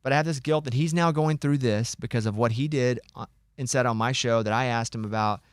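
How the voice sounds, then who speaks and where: A man hosting a radio talk show, telling a long story in a lively casual way and acting out what others said. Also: mid-range voice, brisk, clean tone, dry recording, clean studio sound. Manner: animated storyteller, acts out quoted voices.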